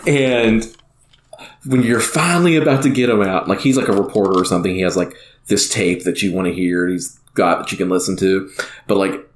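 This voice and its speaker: A man co-hosting a casual gaming podcast, relaxed and quick to laugh. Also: sits low. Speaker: podcast co-host. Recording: roomy echo with faint background noise.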